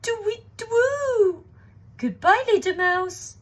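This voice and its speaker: A woman voicing a fussy owl who squeaks high and hoots when scared, in a storybook reading. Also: huge pitch swings, fairly quick, slightly rough, exaggerated voice. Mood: startled.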